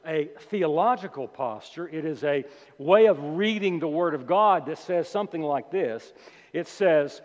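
A fairly high-pitched man preaching with emphatic, deliberate delivery, leaning on repeated words. His voice rings with a long hall reverb. The recording is dull and lo-fi. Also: darkish tone. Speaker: pastor. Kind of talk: sermon.

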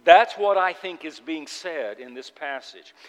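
A man preaching a sermon in an earnest, halting way, often restarting his words. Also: on the high side, lively intonation. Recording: long hall reverb.

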